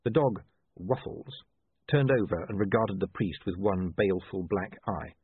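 A man narrating a story as an expressive reader, with dry wit. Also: low-pitched, measured pace, husky, dry recording. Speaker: audiobook narrator. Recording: dry, tinny phone-like line.

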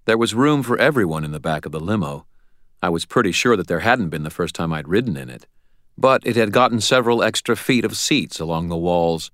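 A man's voice: low voice, fairly bright tone, no room sound. A man narrating a first-person audiobook with wry, dry storytelling.

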